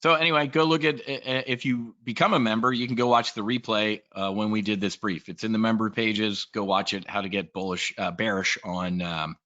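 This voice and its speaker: A man's voice: fairly low pitch, steady tone, a little fast, few pauses, sharp tone, lo-fi sound. A man giving a casual, blunt and profane trade briefing, talking in a rambling way as a trading educator.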